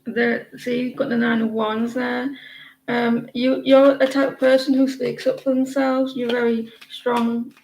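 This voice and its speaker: Slow, halting woman doing tarot readings. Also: a little high, level tone, darkish tone, roomy sound, a little hiss or hum, rough recording. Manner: slow, halting delivery with many fillers and restarts. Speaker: tarot reader. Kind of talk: live-stream tarot reading, chatting with viewers.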